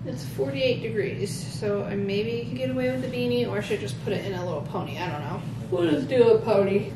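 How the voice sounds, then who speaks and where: A woman's voice: mid-range voice, brisk, noisy background. A young pregnant woman chatting casually to a handheld camera as she runs errands and relaxes at home, full of "like" fillers. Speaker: vlogger. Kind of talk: casual vlog chat.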